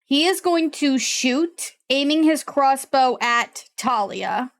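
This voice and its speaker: A woman's voice: sits high, expressive, slow pace. A young woman running a tabletop game, thinking aloud while she checks the rules. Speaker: game master.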